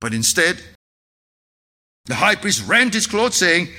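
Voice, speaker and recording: Bright high-voiced male preacher. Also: sing-song, takes it slowly. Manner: impassioned preaching, dropping to hushed earnest tones. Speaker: pastor. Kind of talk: sermon.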